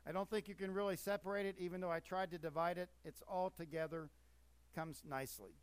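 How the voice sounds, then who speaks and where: A pastor preaching a sermon with emphatic force that rises and falls. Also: male voice, high-pitched, steady tone, fast talker, clear, resonant tone, no room sound.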